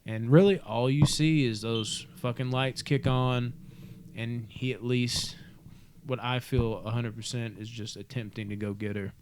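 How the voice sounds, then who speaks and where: Excited profane man recapping a film. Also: mid-range voice, unhurried, slight background noise. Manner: excited, profane, retells scenes with acted quotes. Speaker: podcast co-host. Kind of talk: casual film discussion.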